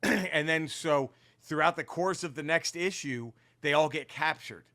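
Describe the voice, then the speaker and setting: A man co-hosting a casual podcast, retelling comic book plots in an animated, profane way with lots of restarts. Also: a little high, measured pace. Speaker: podcast co-host.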